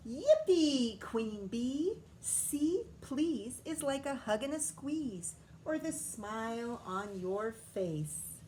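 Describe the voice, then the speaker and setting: A woman's voice: on the high side, very animated, extremely slow, mellow, slight background noise. A woman teacher reading a picture book aloud to children, stopping often to comment and ask questions.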